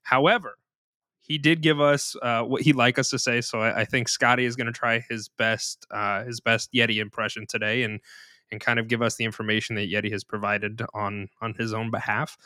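A man with a bright, forceful voice hosts a casual podcast. His pitch sits in a middle range, and he talks in a chatty, informal way. The sound is dry and close. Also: flat delivery, a little fast, no echo. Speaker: podcast host.

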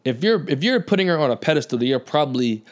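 Relaxed slangy man in casual chat. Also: on the high side, quick pace. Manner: relaxed, slangy, keeps asking "you know what I'm saying".

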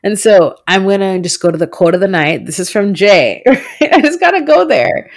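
A woman's voice: medium pitch, sing-song, moderate pace. A woman co-hosting a podcast, chatting casually and acting out quotes in mock voices, with some swearing. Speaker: podcast co-host. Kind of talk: casual recap chat.

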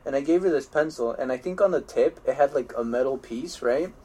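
A young man spins long, looping stories from his school days in a relaxed podcast chat. He keeps starting his sentences over and swears freely. He often breaks into laughter at his own tales. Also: medium pitch, brisk, slightly rough. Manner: rambling storytelling with frequent restarts and swearing. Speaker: podcast co-host. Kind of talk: casual chat.

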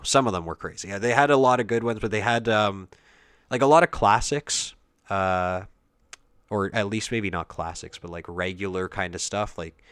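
A young man chats loosely, circling back and correcting himself as he goes. His voice sits a little low and smooth, and the recording is dry and close with no room sound. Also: a bit bright, no room sound. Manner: rambling, full of fillers and self-corrections. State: has the hiccups. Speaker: speaker recounting a family kids' camp. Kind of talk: casual rambling monologue.

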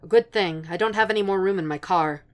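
A woman's voice: medium pitch, quick pace, close to an everyday voice. A woman reading as a curt, guarded male investigator. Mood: plain.

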